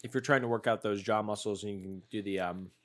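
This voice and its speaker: A man's voice: lowish voice, steady tone, fast, a bit bright. A young man co-hosting a snack-tasting podcast, chatting casually and joking around with frequent laughs. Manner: playful, jokey, laughs often. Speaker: podcast co-host.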